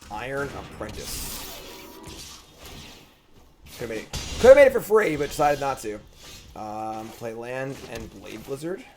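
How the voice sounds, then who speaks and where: A young man streams a card game, offering casual, joking commentary and talking both to himself and to his opponent. His medium-pitched voice is expressive, with a measured pace and long pauses, and background noise is present.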